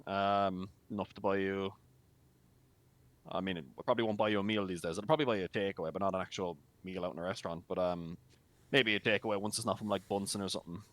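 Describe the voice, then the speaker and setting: A man's voice: sits low, steady tone, fast. A man co-casting a match, giving blunt, teasing post-match commentary with lots of fillers. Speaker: esports co-caster and league admin.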